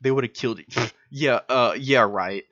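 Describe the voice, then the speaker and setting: A man's voice: mid-range voice, normal speed, fairly bright tone, soft background music. A young man giving casual, sarcastic video commentary, mocking his target with lots of fillers. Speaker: political commentator. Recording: dull lo-fi recording.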